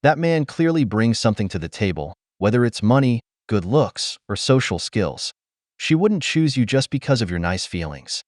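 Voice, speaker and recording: A man's voice: medium pitch, very animated, normal speed, a little mellow, dry recording, studio quality. A man giving blunt, lecturing opinion commentary as a voice-over, talking straight to his viewers. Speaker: commentary channel host.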